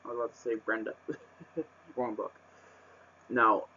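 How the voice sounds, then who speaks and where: Over a little hiss or hum, a man speaks unhurriedly in a sharp, medium-pitched voice while reviewing a book on a casual vlog. He rambles with fillers and restarts and launches into exasperated rants, recorded on a muffled webcam microphone.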